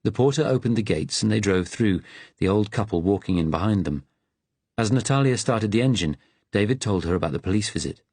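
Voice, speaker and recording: A man reading an audiobook in steady, measured scripted narration. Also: on the low side, breathy edge, no room sound.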